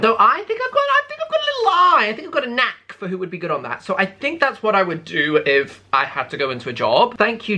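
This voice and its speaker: A young man in his twenties, talking casually to camera from his bedroom. His voice is bright and crisp, with a very lively, swooping pitch. He is camp and dramatic and overshares freely. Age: 20s. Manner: camp, dramatic and oversharing, with sudden high squeals. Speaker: YouTuber.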